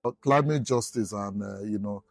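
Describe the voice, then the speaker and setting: Lower-voiced Nigerian man, casual. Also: normal speed, creaky, dry recording, clean studio sound, soft background music. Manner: loose, lots of "you know". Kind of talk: interview answer.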